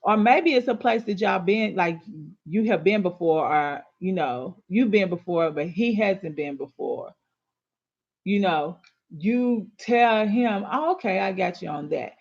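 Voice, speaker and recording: A relationship and astrology advice host speaks to women in a sassy, emphatic, colloquial way, scolding her listeners. Her mid-range voice is expressive, unhurried and a little mellow, in a dull lo-fi recording.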